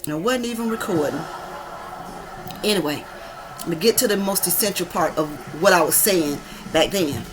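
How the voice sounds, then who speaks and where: A woman's voice: fairly low pitch, normal speed, pauses often, background noise. A Southern woman from Georgia in her fifties vents in an emphatic, heartfelt vlog monologue. She presses her points by repeating them, speaking from a room at home. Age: 50s. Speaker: vlogger. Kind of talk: venting monologue.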